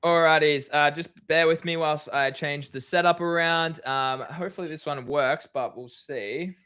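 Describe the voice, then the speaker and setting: An Australian man hosts a casual livestream. He talks in a chatty, friendly way with a bright, forceful tone. His voice sits slightly high. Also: fairly even intonation, normal speed, clean tone. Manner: chatty, friendly, says "mate". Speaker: livestream host.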